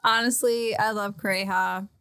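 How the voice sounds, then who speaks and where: A woman's voice: mid-range voice, steady tone, moderate pace, fairly bright tone. A young adult woman co-hosting a podcast in casual chat, chatty and chiming in with questions and jokes. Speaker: podcast co-host.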